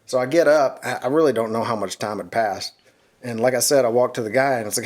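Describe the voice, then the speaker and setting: A man's voice: mid-range voice, a little fast. Man telling a wild story, laughing. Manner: animated, swearing, laughs at his own story. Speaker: podcast co-host. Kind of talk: casual storytelling.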